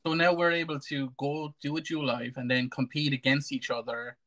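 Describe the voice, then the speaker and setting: A man's voice: mid-range voice, level tone, moderate pace, fairly bright tone. An Irish man hosting a casual live stream chat, joking and bantering with lots of fillers and restarts. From Ireland.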